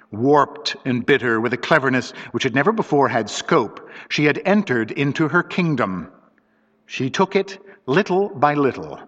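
A man's voice: medium pitch, a bit bright. Man narrating a story in a reverberant room. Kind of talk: scripted audiobook narration. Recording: dull lo-fi recording with long reverb.

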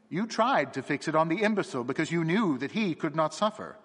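A man voicing a gentle, perceptive little priest who speaks gravely and calmly. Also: medium pitch. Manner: grave, quiet and calm. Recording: long hall reverb.

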